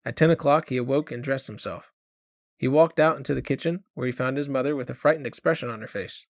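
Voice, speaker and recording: A man's voice: mid-range voice, fast, no room sound. Man narrating an audiobook, dry and close. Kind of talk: scripted narration.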